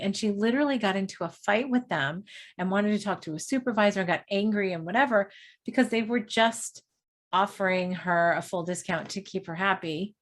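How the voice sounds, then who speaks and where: A woman giving a spiritual self-help lesson in a casual, meandering way, often adding "right?" and "you know". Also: medium pitch. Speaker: spiritual teacher.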